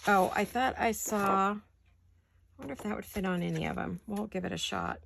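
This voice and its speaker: Chatty gravelly-voiced woman crafting at her desk. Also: mid-range voice, moderate pace, fairly bright tone, a little hiss or hum. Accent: American. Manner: chatty, thinks aloud, gushes over pretty paper. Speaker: craft channel host. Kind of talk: casual craft chat while cutting paper.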